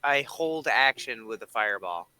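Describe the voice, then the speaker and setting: A man's voice: medium pitch, animated, normal speed, sharp tone, clean tone, no echo, poor audio. A man playing a tabletop game, hesitant as he checks rules and plans a move. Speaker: player. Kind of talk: casual tabletop game chat.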